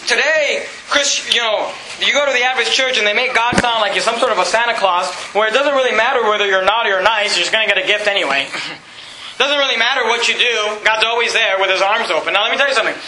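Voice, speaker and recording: Male pastor, very high and bright tone, animated preaching in an echoey church. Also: fast talker, background noise. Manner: animated preaching, rising to near-shouts, chuckling asides. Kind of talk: sermon.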